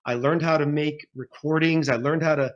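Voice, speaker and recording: A man's voice: on the high side, steady tone, a little fast, lo-fi sound. A man in his forties, a guest musician telling his story in a rambling, casual interview, laughing often.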